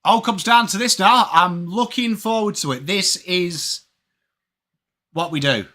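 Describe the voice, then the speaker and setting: A man's voice: high-pitched, unhurried, pushed and bright. Chatty English guy streaming live. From England. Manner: chatty, greets chat viewers by name. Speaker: watch-along streamer.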